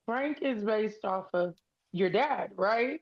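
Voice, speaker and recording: A woman's voice: mid-range voice, animated, slow. Woman friend teasing n telling stories, mid voice, kinda muffled lo-fi audio. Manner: teasing, playful storyteller. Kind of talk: casual chat, storytelling.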